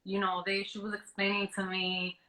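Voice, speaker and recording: Bright-voiced woman telling her story. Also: mid-range voice, completely flat delivery, normal speed, rough recording. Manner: earnest, acts out what others said to her; frequent restarts and trailing off. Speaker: interview guest sharing her story. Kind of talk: personal storytelling interview.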